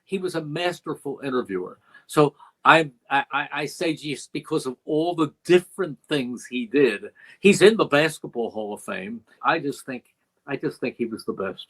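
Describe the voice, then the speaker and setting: An older man, a veteran play-by-play broadcaster, appears as a podcast guest in a studio, telling stories in a reflective, emotional way and quoting dialogue. His voice is slightly high, animated and a bit bright with a touch of roughness, at a normal pace. The audio quality is poor.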